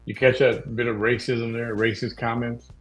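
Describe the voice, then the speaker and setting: A man's voice: mid-range voice, little pitch movement, normal speed, faint music behind, poor audio. A man hosting a live stream, reacting to clips with incredulous exclaimed questions.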